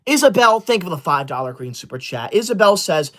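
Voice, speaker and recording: A man's voice: high-pitched, very animated, quick pace, a bit bright. A man in his twenties hosting a livestream, reading chat comments and scolding viewers like a strict teacher. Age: 20s. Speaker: livestream host.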